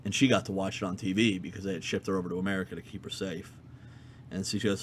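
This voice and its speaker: Man, deep voice, casual comic recap, filler words, slight noise. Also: quick pace. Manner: animated retelling, fillers, quotes characters in his own voice. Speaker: podcast co-host reviewing comics. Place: comic shop.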